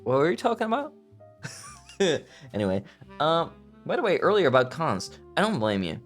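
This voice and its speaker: A man's voice: fairly high pitch, huge pitch swings, moderate pace, soft background music. A man streaming live as a VTuber, chatting casually and playfully, often giggling and bursting into theatrical outbursts. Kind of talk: casual livestream chat.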